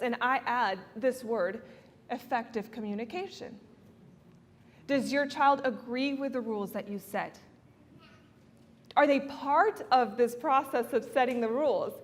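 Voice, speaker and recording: A woman's voice: high-pitched, a bit bright. A woman counselor giving an earnest, persuasive talk to a live audience, laughing often as she makes her points. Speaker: family counselor speaking at a conference. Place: event venue before an audience. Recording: long reverb in a large hall.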